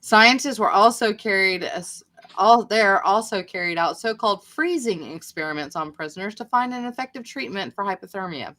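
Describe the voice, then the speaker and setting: A woman co-hosting a casual live stream, chatting and reading aloud, quick to exclaim. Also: medium pitch, sharp tone. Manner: chatty, reacts with laughs and exclamations. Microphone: video call.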